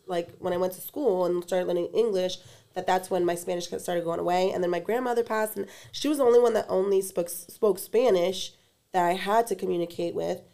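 A woman's voice: fairly low pitch, fairly even intonation, fairly quick, vocal fry, warm tone. A woman co-hosting a casual chat, telling a candid, reflective personal story.

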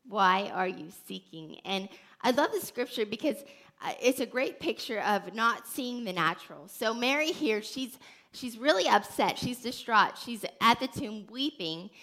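A woman hosting a faith teaching podcast, telling stories in an earnest, animated way with many restarts. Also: fairly high pitch, normal speed. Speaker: podcast host.

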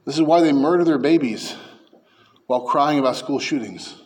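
A male pastor delivering a fervent sermon. His voice sits a touch high for a man, and his delivery swings from hushed, low phrases up to loud, emphatic peaks. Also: normal speed, a little hiss or hum.

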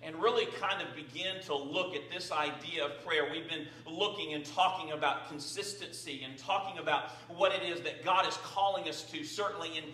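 A man's voice: a little high, moderate pace, few pauses, bright, forceful tone. A man preaching a sermon as pastor, praying and then talking conversationally with fillers. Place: church sanctuary. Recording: roomy, distant from the mic.

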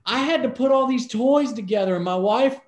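A man's voice: extremely high pitch, a little fast. A middle-aged man telling a story as a guest in a casual interview, acting out the voices of the people in it. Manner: animated storyteller, acts out voices. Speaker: podcast guest, businessman. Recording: roomy echo.

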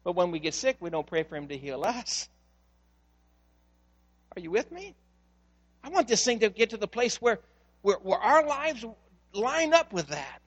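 A man's voice: high-pitched, sing-song, unhurried, long pauses. A male pastor preaching a sermon in a church, speaking earnestly and putting questions straight to the congregation.

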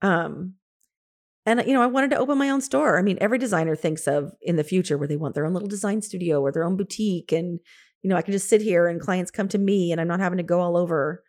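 A woman in her fifties, an interior designer and coach, telling stories from her career in an animated way, laughing often and acting out what she said to others. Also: on the low side, fast. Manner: animated, laughs often, quotes herself in lively asides. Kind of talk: casual storytelling.

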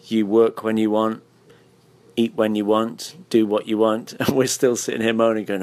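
Man, podcast host, low voice, tired, blunt, laughs often. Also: fairly even intonation, normal speed, a little mellow. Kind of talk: casual interview chat. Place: hotel room.

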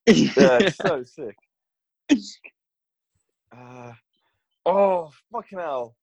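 A man's voice: on the high side, expressive, extremely slow, gravelly, a little mellow. A man co-hosting a podcast, hesitant and laughing in casual banter. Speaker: podcast co-host.

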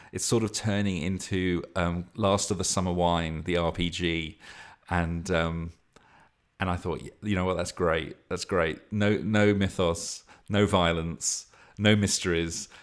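A man hosting his own podcast, talking casually and at length as a game master, rambling and poking fun at himself. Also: low-pitched. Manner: rambling, self-deprecating, chuckling. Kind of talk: casual solo podcast talk.

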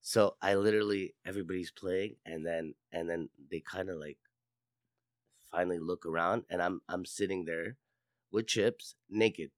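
A man's voice: sits low, steady tone, normal speed, no echo, clean studio sound. A man in casual chat with friends, laid-back and boastful.

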